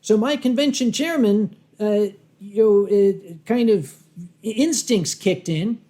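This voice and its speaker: At a convention, a man whose warm voice sits high recounts a comic story live. Dramatic pauses, dry wry humor, acted-out rehearsed lines, and frequent throat-clearing shape his telling.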